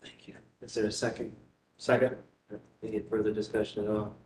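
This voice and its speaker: A man's voice: little pitch movement, fairly quick. A man chairing a commission meeting, brief and procedural as he calls motions and votes. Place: council chamber. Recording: echoey chamber, faint rumble.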